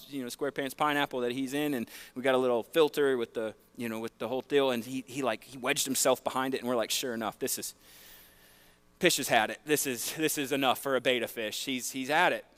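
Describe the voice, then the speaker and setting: A man preaching, telling a long, animated, self-deprecating story with lots of fillers in a church. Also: a little high, smooth. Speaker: pastor. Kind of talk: sermon storytelling. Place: church sanctuary.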